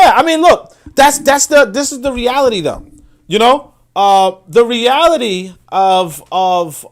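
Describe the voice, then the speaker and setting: Brooklyn man hosting a livestream, high-pitched, emphatic, repeats phrases for weight. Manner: emphatic, repeats words when building a point; reads viewer comments aloud. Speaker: livestream host. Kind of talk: casual livestream commentary.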